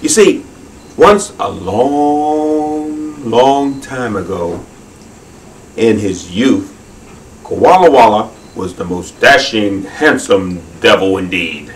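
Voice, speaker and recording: Heard from afar over slight background noise, a man with a lowish, animated voice reads a children's story. His delivery is leisurely, with long, drawn-out phrases.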